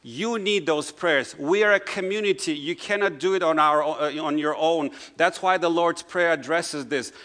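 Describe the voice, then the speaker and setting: A middle-aged pastor with a non-native English accent, preaching a conversational sermon full of "you know" asides. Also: male voice, on the high side, bright, forceful tone.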